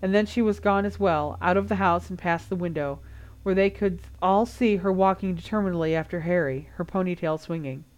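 Low-voiced woman reading a story. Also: a little fast, a little mellow. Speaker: audiobook reader. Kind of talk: reading fan fiction aloud.

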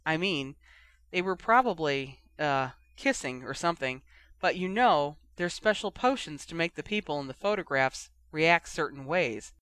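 A man voicing a calm young mother. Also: fairly high pitch, moderate pace, smooth, no room sound. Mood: matter-of-fact. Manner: calm, matter-of-fact.

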